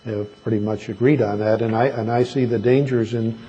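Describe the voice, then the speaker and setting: A man serving as an appellate judge, speaking deliberately from the bench with halting restarts. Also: medium pitch, steady tone, dark tone, lo-fi sound. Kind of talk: courtroom oral argument remarks. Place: large courtroom. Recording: reverberant courtroom with faint noise.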